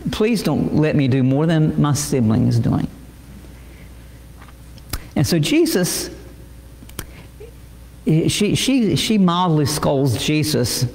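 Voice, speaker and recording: A male pastor delivering a sermon, halting with many repeated words and fillers. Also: fairly high pitch, a little mellow. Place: church sanctuary. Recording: echoey church hall.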